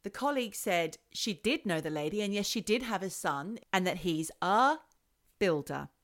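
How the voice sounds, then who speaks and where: A woman hosting a chat show, telling a story in a chatty, animated way. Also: medium pitch, moderate pace. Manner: animated, chatty, acts out quotes. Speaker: podcast host.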